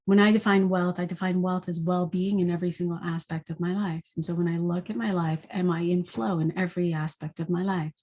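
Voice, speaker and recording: Woman, lowish voice, intuitive forecaster, casual spiritual monologue, reflective, rhetorical questions. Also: flat delivery, fairly quick, few pauses, a little mellow.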